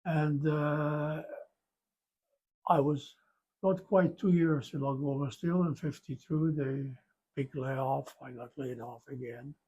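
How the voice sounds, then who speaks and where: Slow, husky old man reminiscing. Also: fairly high pitch, steady tone, dull audio. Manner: halting, rambling with restarts and soft chuckles. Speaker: interviewee. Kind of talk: storytelling interview.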